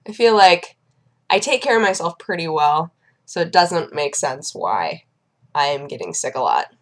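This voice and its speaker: A woman's voice: deep voice, very animated, moderate pace. Chatty young woman vlogging casually. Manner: chatty storyteller who acts out the people she describes. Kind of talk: casual chat.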